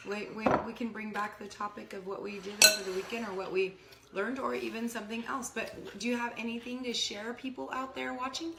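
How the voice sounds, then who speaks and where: A woman's voice: fairly high pitch, steady tone, fairly quick, vocal fry, roomy sound, noisy background. A middle-aged woman co-hosting a casual cooking vlog, chatty and giggly, sometimes talking with her mouth full. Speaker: co-host. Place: home kitchen.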